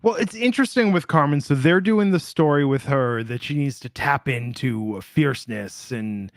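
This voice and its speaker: A man's voice: medium pitch, no room sound. Dry-sounding opinionated male podcast co-host. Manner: conversational, opinionated, drawn-out musing. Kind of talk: casual wrestling podcast chat.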